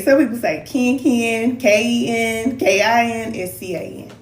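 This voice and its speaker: A woman's voice: a little high, moderate pace, few pauses, far from the mic. Chatty Kansas City woman livestreaming. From Kansas City, USA. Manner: chatty, playful, laughs often, greets viewers as cousins. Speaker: spiritual reader and live streamer. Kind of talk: casual livestream chat. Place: indoor room, moving around the camera. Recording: roomy echo, off-mic, faint room noise.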